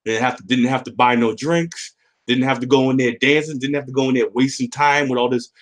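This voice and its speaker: A man's voice: mid-range voice, fairly even intonation, fairly quick. A man from the area, hosting a casual livestream chat, rambling, cursing and reading out chat comments. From Boston area. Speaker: livestream host.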